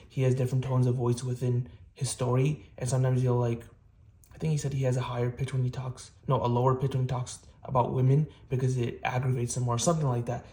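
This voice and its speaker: A man's voice: mid-range voice, darkish tone. A young man talking casually to camera in a self-improvement vlog, rambling earnestly with many fillers and restarts. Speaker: vlogger.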